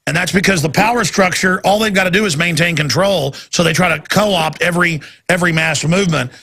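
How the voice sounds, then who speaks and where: A man's voice: high voice, a little fast, sharp tone. A man hosting a talk radio show, ranting emphatically in a heated monologue and taking callers. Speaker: radio host.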